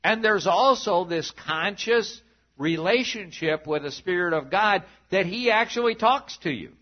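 A man preaching a sermon as a pastor, animated and sometimes dropping to a hushed voice for emphasis. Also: high voice, a little slow, lo-fi sound.

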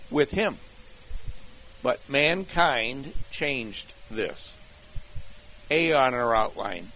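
An older man preaches at an unhurried pace, his voice sitting at a middle pitch. He moves through his sermon outline point by point, deliberate and steady. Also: a little hiss or hum, poor audio. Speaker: pastor.

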